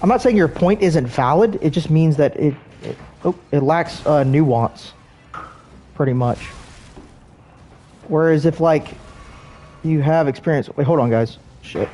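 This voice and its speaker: A man's voice: fairly high pitch, measured pace, long pauses, dark tone, slight background noise. Rambling, swearing male game streamer. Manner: rambling, profane, heavy on fillers. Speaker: gaming streamer. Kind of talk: rambling livestream chat while gaming.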